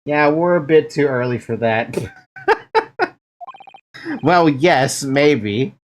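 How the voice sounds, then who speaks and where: A streamer giving casual let's-play commentary, with giggly, animated asides. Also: mid-range voice, takes it slowly, a little hiss or hum.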